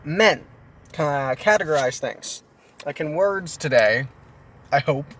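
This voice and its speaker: A man's voice: fairly high pitch, expressive, slow, fairly bright tone. A man hosting a casual video talk with his partner. He is chatty and pokes fun at himself, and he explains his points by repeating phrases. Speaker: video host.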